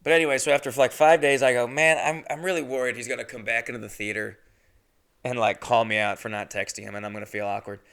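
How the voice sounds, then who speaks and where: A young adult man, a podcast host, telling a comedic story alone, indignant and swearing, jumping into high exaggerated voices when he quotes people. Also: fairly even intonation, fast talker, gravelly, fairly bright tone, smooth.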